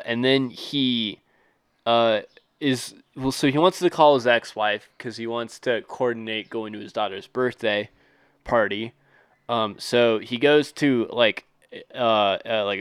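A man's voice: mid-range voice, fairly bright tone, clear, resonant tone, no echo. A man co-hosting a podcast, summarizing a film in a rambling way with many fillers. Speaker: podcast co-host. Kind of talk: casual podcast chat.

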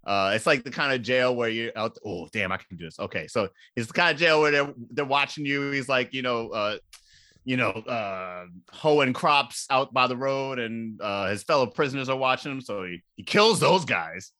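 Bright-voiced man recapping a movie. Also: normal speed, no echo, clean studio sound. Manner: animated, laughing, jumps into high-pitched outbursts. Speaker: podcast co-host recapping a movie. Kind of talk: casual comedic movie recap.

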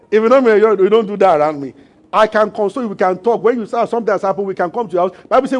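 High-voiced pastor preaching. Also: male voice, very fast, a faint crowd. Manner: animated, acts out voices and laughs with the congregation. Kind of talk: sermon.

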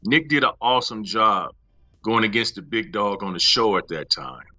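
A man, an actor being interviewed, telling stories from a shoot in a casual, animated way, acting out quotes and laughing often. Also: lowish voice, moderate pace, dry recording, dull audio.

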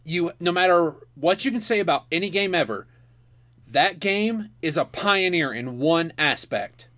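A man co-hosting a podcast in casual chat, excitable and swearing freely. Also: a little high, a little slow. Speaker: podcast co-host.

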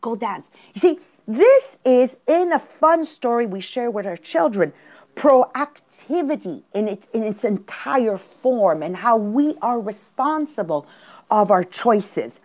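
A woman whose French first language shows, hosting a motivational podcast. She talks in a higher voice that swings widely up and down. She tells stories with lots of energy and repeats her words. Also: a little slow. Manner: storytelling, animated, repeats words. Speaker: podcast co-host. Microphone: remote call.

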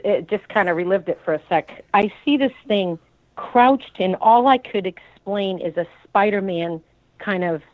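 A woman with a Boston accent calling in, retelling a frightening experience in an animated, dramatic way. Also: mid-range voice. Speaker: caller. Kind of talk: call-in storytelling. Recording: tinny phone line.

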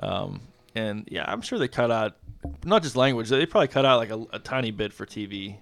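A man's voice: on the low side, expressive, a little fast, creaky, a bit bright, dry recording. A man on a podcast chatting casually, often hesitating and trailing off mid-thought. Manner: hesitant, trails off, many restarts. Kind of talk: casual chat.

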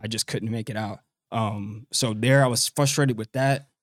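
A man's voice: lowish voice, steady tone, normal speed, no echo, studio quality. A man as a podcast guest, telling a personal story in an earnest way, often restarting and acting out what his father said. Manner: earnest, repeats words and restarts, acts out his father's speech.

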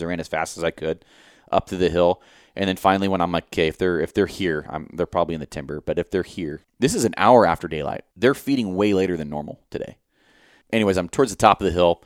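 A man with a low, smooth, resonant voice recounts a hunt to his podcast co-host in relaxed chat. He swears freely and acts out his own inner thoughts. The sound is close and dry. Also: no room sound. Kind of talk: casual hunting story.

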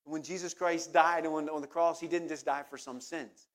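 A man's voice: fairly high pitch, steady tone, normal speed. A middle-aged man preaching a sermon, earnest, often repeating words as he searches for what to say next. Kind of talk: sermon with personal anecdote.

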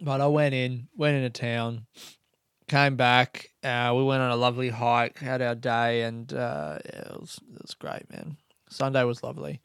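A man's voice: medium pitch, normal speed, creaky, a bit bright, clear, resonant tone, dry recording, clean studio sound. A young man, a comedian, telling rambling, laugh-filled stories on his podcast and swearing freely. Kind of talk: casual storytelling podcast.

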